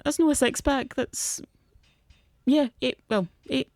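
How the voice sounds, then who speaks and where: A woman's voice: sits high, slow pace, darkish tone, dry recording, studio quality. A young woman casually commenting as she plays a video game, chatty and easily flustered, laughing often. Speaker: gaming streamer.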